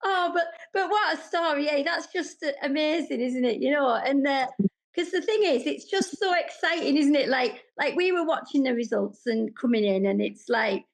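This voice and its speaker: A woman's voice: high voice, animated, moderate pace, gravelly. A woman hosting a podcast, chatting enthusiastically and ending many lines with tag questions. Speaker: podcast host. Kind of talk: casual chat.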